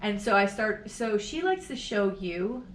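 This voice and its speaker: A middle-aged woman co-hosting a podcast in casual chat, animated, swearing freely and laughing often. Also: mid-range voice, unhurried, slight background noise. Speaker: podcast co-host. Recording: echoey room, distant from mic.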